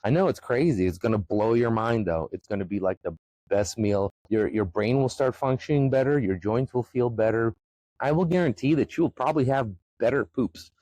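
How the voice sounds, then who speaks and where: A man from the former Soviet Union, hosting a podcast and delivering a profane, emphatic comedic rant that often jumps into a high excited pitch. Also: a little fast, dry recording, low-quality recording. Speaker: podcast host.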